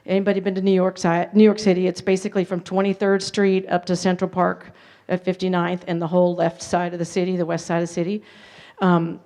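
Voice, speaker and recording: A woman's voice: lowish voice, level tone, a little fast, warm tone. A woman giving a conference keynote, telling her story candidly with self-deprecating asides. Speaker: keynote speaker. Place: conference hall.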